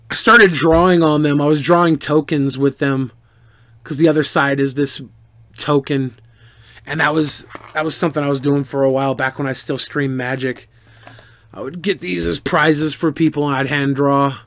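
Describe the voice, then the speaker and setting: A man streamer answering viewer questions in casual, animated storytelling, profane and boastful. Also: mid-range voice, no room sound.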